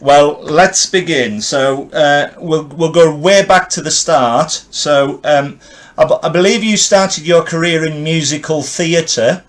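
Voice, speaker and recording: A man hosts a podcast and asks his guest questions in a hesitant way, stumbling over repeated words. His voice is a little high, and he speaks slowly. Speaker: podcast host. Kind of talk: interview questions.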